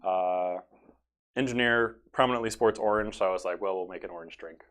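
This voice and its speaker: A man's voice: deep voice, fairly quick, a bit bright. A man co-hosting a casual studio live stream, joking and self-deprecating as he rambles about his job. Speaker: studio production coordinator, co-host.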